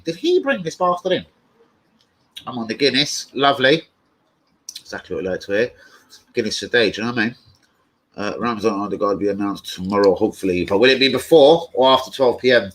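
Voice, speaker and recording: A young man chatting casually and excitably on a live stream, swearing freely as he reads chat. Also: mid-range voice, fairly quick, rough recording. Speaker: fan channel live streamer.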